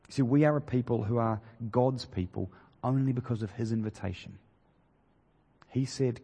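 A man preaching a sermon in a conversational, halting way, with many fillers and restarts, in a church hall. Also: medium pitch, vocal fry, dark tone, slightly rough. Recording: long hall reverb.

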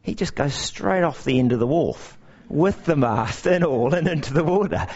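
Animated male preacher, lo-fi sound. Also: a little high, normal speed. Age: young adult to middle-aged parent. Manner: animated storytelling with emphatic repetition. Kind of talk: sermon. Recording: dull lo-fi recording.

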